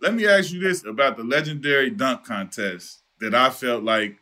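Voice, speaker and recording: A man's voice: medium pitch, moderate pace, pushed and bright. A man co-hosting a podcast, asking questions in loose slang full of "like" and "you know what I'm saying". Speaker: podcast co-host, former player. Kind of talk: casual interview chat.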